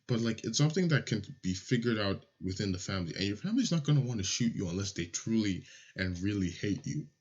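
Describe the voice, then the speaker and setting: A young man from Nigeria telling a childhood story in a casual, animated, profane way. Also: on the low side, fast, hardly any pauses, husky. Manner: animated, swears a lot, acts out voices. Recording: lo-fi audio.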